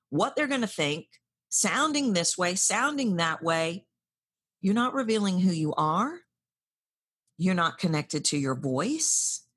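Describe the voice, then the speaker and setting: Woman voice coach, husky and lowish, lively direct coaching talk. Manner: animated, acts out clients' anxious inner voices.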